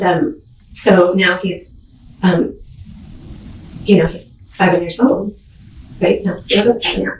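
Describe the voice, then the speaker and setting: A woman gives a halting, emotional, rambling account of events in an interview. The recording is tinny and echoey, captured from a distance with faint noise. Her pitch sits in the middle range. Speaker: witness recounting events.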